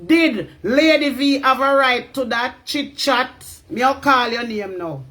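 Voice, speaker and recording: A middle-aged woman with a Jamaican accent, angrily ranting on a livestream, often shouting and repeating herself. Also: high voice, unhurried, a little hiss or hum. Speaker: livestream talker. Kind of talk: heated livestream rant.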